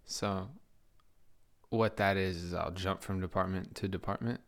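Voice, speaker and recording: Laid-back slangy young man, lower voice. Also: fairly even intonation, measured pace, creaky, a bit bright. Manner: laid-back storyteller, slangy, laughs often. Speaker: podcast guest. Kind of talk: casual chat.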